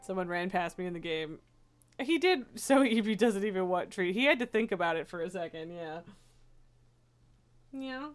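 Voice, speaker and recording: A woman live-streaming a game, cooing baby talk to her cat and chatting warmly with viewers. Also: on the low side, animated, normal speed, long pauses. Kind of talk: casual live-stream chat. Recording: faint music behind.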